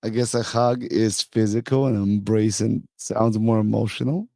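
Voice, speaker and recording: A man's voice: on the low side, steady tone, moderate pace, vocal fry, mellow, no room sound. A man hosting a podcast who coaches youth hockey, reflecting and telling stories from his coaching. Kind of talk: conversational podcast interview.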